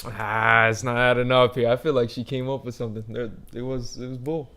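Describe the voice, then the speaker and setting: A man's voice: medium pitch, level tone, fairly quick, bright, forceful tone, clean tone. A young man hosting a casual podcast, prodding his guest with teasing questions. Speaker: podcast host. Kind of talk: casual chat.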